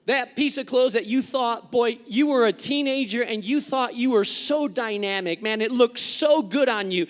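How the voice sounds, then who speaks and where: A male pastor delivers a sermon in a reverberant church sanctuary, where his words ring out with a long tail. His voice sits high for a man. He tells stories with animation and acts out the people in them. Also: moderate pace, hardly any pauses. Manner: animated storytelling with acted-out quotes.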